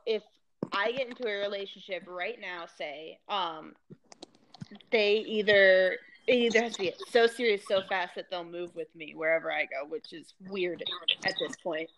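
Female podcast co-host, relaxed and candid, slight noise on the track. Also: medium pitch, normal speed. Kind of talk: casual podcast chat.

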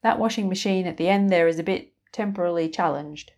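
A woman's voice: lowish voice, fairly quick, darkish tone, close to an everyday voice. Woman reading dry laundromat owner. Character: grumpy woman laundromat owner, awkward with people.

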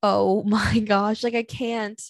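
A young woman in her twenties hosts a candid solo podcast with a noticeably gravelly, fry-heavy voice. She talks bluntly and dramatically, swearing freely and sighing often. The sound is close and dry, with no room echo. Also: mid-range voice, level tone, slow. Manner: blunt, profane and dramatic, with frequent sighs. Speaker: podcast host.

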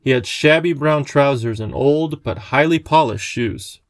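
A man narrating a children's book in a measured storytelling manner. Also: medium pitch, no echo, clean studio sound. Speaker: audiobook narrator. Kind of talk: scripted narration.

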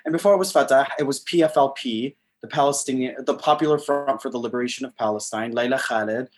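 A man's voice: mid-range voice, quick pace. A man talking in a casual conversation, passionate and emphatic, with many "like" fillers.

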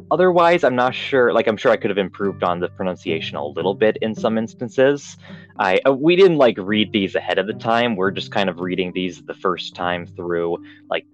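Deep-voiced man practicing voice acting. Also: lo-fi sound. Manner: halting, many fillers, self-critical. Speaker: amateur voice actor. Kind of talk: reading a novel aloud and casual chat.

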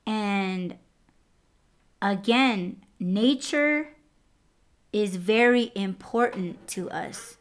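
A woman's voice: mid-range voice, very slow, long pauses. A young adult woman hosting a podcast, telling a personal story in a candid, profane, casual way. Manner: candid and profane, lively swings in loudness. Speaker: podcast host.

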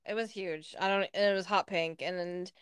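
A young woman co-hosting a podcast tells embarrassing stories in a casual chat, laughing and swearing heavily. Her voice is fairly low, smooth and steady at normal speed, with a dry, studio-quality recording.

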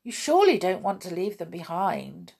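A woman voicing a kindly grown-up lady who hosts a children's party, speaking warmly. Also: fairly low pitch, huge pitch swings, moderate pace, vocal fry, husky, heavily acted. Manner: warm, gently surprised.

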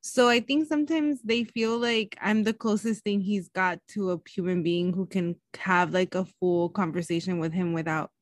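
Her mid-range voice moves at a moderate pace with few pauses, recorded at studio quality without echo. A native Spanish speaker, she's a podcast co-host spinning a story in relaxed, chatty conversation and laughing a lot.

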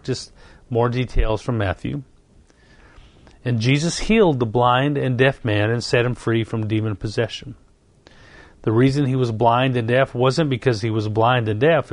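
A man with a medium-pitched voice, recorded with no echo, preaches a sermon, reading scripture and telling a personal story. He is earnest and repetitive, repeating phrases and occasionally correcting himself.

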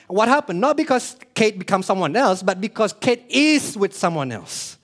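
A man preaching a sermon in an earnest, teaching manner. His voice sits fairly high for a man. He repeats key phrases and often turns to the congregation with questions. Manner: plays short voices in his illustrations.

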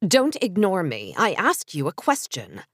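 Slow bossy mind-voice lady, narrator doing her, stern, very dry sound. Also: fairly low pitch, wildly swooping pitch, husky, no room sound, exaggerated voice. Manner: slow, commanding. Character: mysterious telepathic woman, stern.

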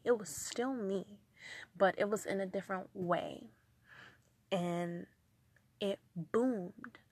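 Slow, earnest motivational woman. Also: mid-range voice, no room sound. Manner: earnest, repetitive, emphatic. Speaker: motivational speaker. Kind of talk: motivational talk.

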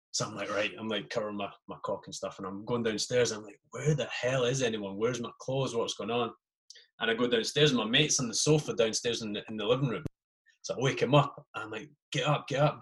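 Swearing man telling army stories. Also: on the low side. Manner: swearing, animated, acts out voices in anecdotes. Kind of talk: casual storytelling.

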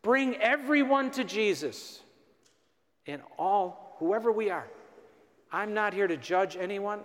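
A priest preaches a parish mission, his voice sitting on the higher side. He tells his stories with animation and acts out both sides of each conversation. A long church reverb trails after every phrase. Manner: animated, acts out dialogue with rising emphasis. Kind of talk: storytelling sermon. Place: large church.

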